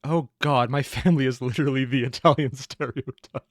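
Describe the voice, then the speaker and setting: A man's voice: medium pitch, fairly even intonation, fairly quick, no echo, studio quality. A man in his thirties hosting a reaction video, chatting casually with self-mocking asides. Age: 30s. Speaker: reaction channel host.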